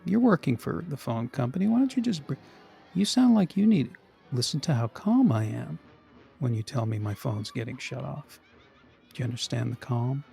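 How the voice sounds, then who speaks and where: A man acting out a comedy sketch as a man who forces himself to sound calm during a phone call about an overdue bill. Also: sits high, faint music behind, pitched above the performer's own voice, full character voice. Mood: forced calm. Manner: hushed, breathy, deliberately slow.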